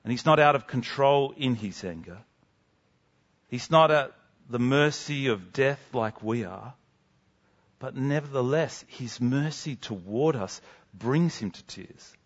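A man's voice: medium pitch, animated, unhurried. Earnest male preacher, dull sound. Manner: earnest, emphatic, with soft dramatic drops. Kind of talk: sermon.

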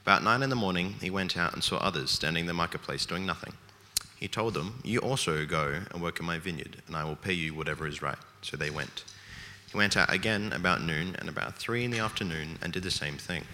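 A man reading a Bible passage aloud in a steady, measured way. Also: low-pitched, in a large hall. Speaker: scripture reader.

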